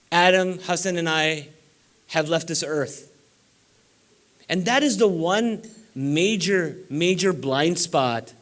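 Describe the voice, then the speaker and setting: A man giving a banquet keynote speech in a room of about four hundred people, urging the audience on with emphatic, exhorting delivery. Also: high voice. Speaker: keynote speaker.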